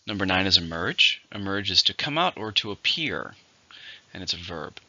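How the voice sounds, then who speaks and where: A man teaching English vocabulary in a recorded lesson, with slow, clear, deliberate pronunciation drills. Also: low voice, very animated, pushed and bright, no echo. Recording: dull lo-fi recording.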